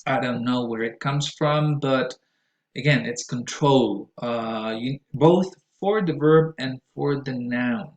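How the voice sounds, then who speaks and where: Taking it slowly in a medium-pitched voice, a male instructor lectures on pronunciation, repeating every word to stress it and explaining with patience. Echo from the classroom is audible.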